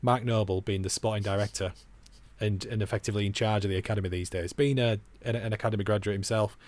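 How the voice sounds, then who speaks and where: A man's voice: fairly low pitch, steady tone, fast, a little mellow, dry recording. A man co-hosting a football podcast, chatting casually and rambling with self-mocking asides. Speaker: podcast co-host.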